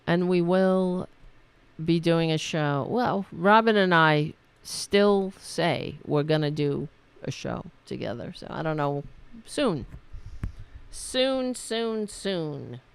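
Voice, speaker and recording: A woman hosting her own talk show, chatting loosely as she signs off, her voice worn and going hoarse. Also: low voice, slow pace. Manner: rambling, chatty, trails off and restarts. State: losing her voice. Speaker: podcast host. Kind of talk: casual talk show sign-off.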